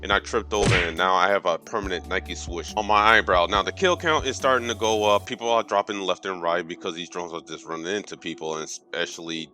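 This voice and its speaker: Dude retelling a movie, swears a lot, pops into goofy voices, kinda low voice, faint music under it. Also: male voice. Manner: animated, acts out characters in quick voices; profane, slangy storytelling. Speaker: movie recapper. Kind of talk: comedic movie recap.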